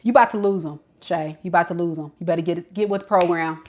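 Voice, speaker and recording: Animated woman giving a tarot reading. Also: on the low side, fast talker. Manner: animated, casual, slangy. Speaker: tarot reader.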